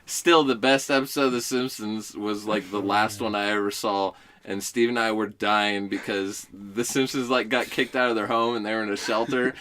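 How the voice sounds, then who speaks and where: A man's voice: on the low side, steady tone, normal speed, fairly bright tone. A man co-hosting a podcast, telling funny stories in casual, swearing chat. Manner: laughing storyteller, swearing freely. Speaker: podcast co-host.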